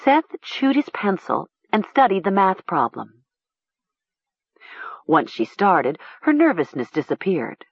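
A woman narrating a storybook in a measured, expressive way. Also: mid-range voice, gravelly, slightly rough, no room sound. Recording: dull lo-fi recording.

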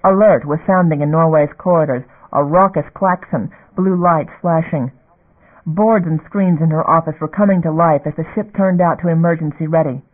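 A man reading a novel aloud in a steady, measured scripted narration. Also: a little high. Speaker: audiobook narrator. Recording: phone-like narrow band.

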